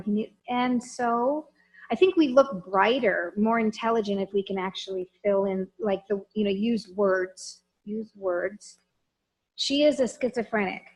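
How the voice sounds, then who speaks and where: On a poor-quality recording, a woman with a somewhat high voice delivers a lively, conversational lecture as a trainer. She is direct and emphatic, talking straight to her audience and frequently asking them questions.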